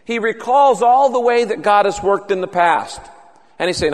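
A man with a high voice preaches a sermon in an earnest, conversational way. His voice carries a long reverb from a large church auditorium. He moves easily between teaching and quoting prayers aloud. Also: normal speed. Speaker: pastor.

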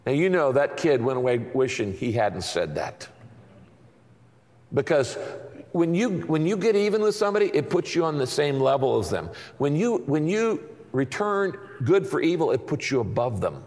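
A middle-aged man preaches from the pulpit with an animated voice that leaps up and down in pitch. He sits slightly high for a man and drives home his points by repeating short phrases. The sound carries the long, lingering reverb of a big church sanctuary. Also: normal speed. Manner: emphatic, repeats catchphrases for the congregation. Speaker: pastor. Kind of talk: sermon. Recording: long reverb of a large hall.

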